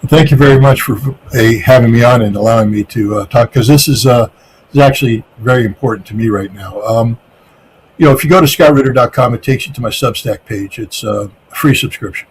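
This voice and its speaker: A man's voice: medium pitch, fairly quick, a little hiss or hum. A man from the United States answering interview questions, speaking emphatically with repeated words and frequent restarts. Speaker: guest.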